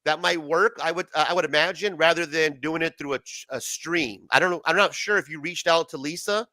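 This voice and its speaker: Bright-voiced man hosting a rowdy livestream. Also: on the high side, brisk, dry recording. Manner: profane, laughing, loose banter. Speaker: livestream host. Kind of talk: casual livestream chat reading comments.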